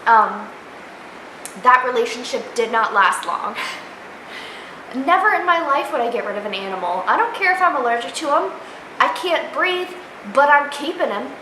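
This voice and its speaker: A woman's voice: sits high, big pitch swings, normal speed, pauses often, pushed and bright. A young woman vlogging casually about her pet rabbit, chatty and gushing. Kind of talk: casual pet tag vlog. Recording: echoey room, faint noise.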